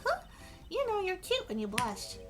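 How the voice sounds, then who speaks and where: Coy teasing young witness, super high, bouncy sing-song, game music faint underneath. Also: female voice, huge pitch swings, normal speed, full character voice. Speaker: streamer voicing game dialogue.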